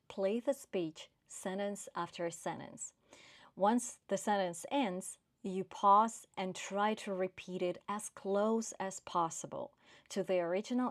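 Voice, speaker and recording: A woman with a non-native English accent giving career advice to camera in a measured, clear, emphatic way. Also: mid-range voice, dry recording, clean studio sound. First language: not English. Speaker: career coach.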